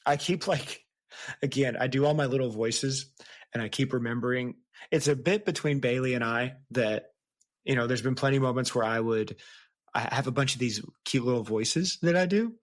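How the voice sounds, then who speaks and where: A man with a mid-range voice hosts a relaxed podcast. He talks casually, jokes often and laughs easily as he chats with his co-host. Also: medium pitch. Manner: joking, chatty, quick to laugh. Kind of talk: casual chat.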